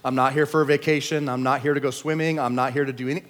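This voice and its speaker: A man preaching a sermon at a church service, talking in casual slang and swinging between shouting and quiet asides. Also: mid-range voice, level tone, fast. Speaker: pastor. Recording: long church hall reverb.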